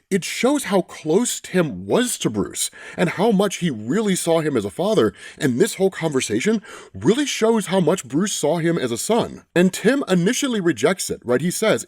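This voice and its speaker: A man's voice: on the high side, a little mellow, dry recording, studio quality. A man casually recapping a comic book story, talking conversationally and often checking in with the listener. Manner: conversational, frequent tag questions. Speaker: comics explainer host.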